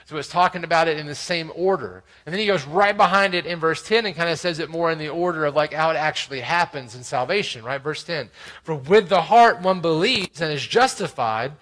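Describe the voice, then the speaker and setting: High-voiced preaching man. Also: fast talker, hardly any pauses, low-quality recording. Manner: expository preaching with frequent "right?" asides; dynamic, swinging from loud emphasis to quiet asides. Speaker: pastor. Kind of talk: sermon.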